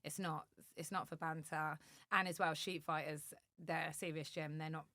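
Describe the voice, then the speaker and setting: A young adult woman chatting as a podcast guest, animated, with lots of fillers and acted-out quotes. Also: sits low, normal speed, dry recording, clean studio sound. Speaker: podcast guest, agency founder. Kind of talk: casual podcast chat.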